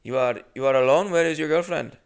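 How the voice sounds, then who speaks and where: A man voicing a slow, nosy male motel clerk who speaks in halting broken English. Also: fairly high pitch, clean tone, pitched above the performer's own voice, close to an everyday voice.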